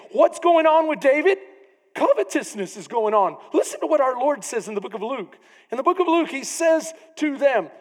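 Pastor guy with a really high voice, preaching, big echoey hall. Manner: preaching with rising emphasis and shouted peaks. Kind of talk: sermon. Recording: long reverb of a large hall.

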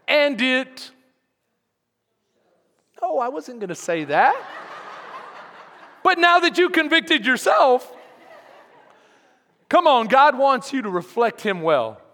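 A man's voice: extremely high pitch, big pitch swings, takes it slowly, pauses often, sharp tone. A man preaching a sermon as pastor, emphatic and calling out to his congregation. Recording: long hall reverb.

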